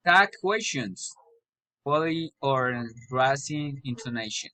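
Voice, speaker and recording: A man whose first language is Spanish, slowly reading English intonation drills aloud with pauses and restarts. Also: medium pitch, bright, forceful tone, clear, resonant tone, poor audio. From Spanish-speaking country. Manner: slow, halting, with pauses and restarts. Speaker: language learner.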